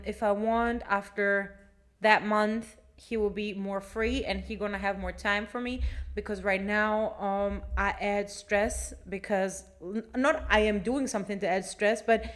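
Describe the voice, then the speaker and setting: A woman's voice: mid-range voice, unhurried. A young woman co-hosting a podcast, telling stories in casual chat and acting out what people said, swearing now and then. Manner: animated, acts out dialogue in her stories, swears casually. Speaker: podcast co-host.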